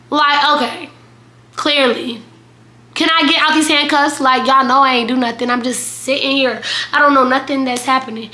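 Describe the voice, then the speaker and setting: Young woman vlogging a crazy storytime, bright sharp voice, roomy echo. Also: high-pitched, moderate pace. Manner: animated, dramatic storytelling with quoted voices. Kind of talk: storytime vlog.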